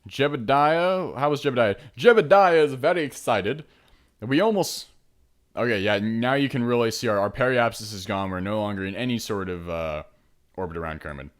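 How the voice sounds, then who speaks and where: A young man casually commenting on his own gameplay, chatty, trailing into mumbles and then breaking into excited shouts. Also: medium pitch, normal speed. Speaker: let's play host. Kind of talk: game commentary.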